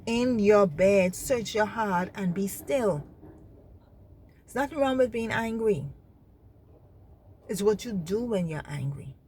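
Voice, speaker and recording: A woman's voice: medium pitch, lively intonation, slow pace, pauses often, darkish tone, a little hiss or hum. A woman from the Bahamas, speaking earnestly about faith and anger, repeating herself and checking in with her listeners. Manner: earnest, repeats herself, asks "you understand?". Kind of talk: impassioned spoken reflection.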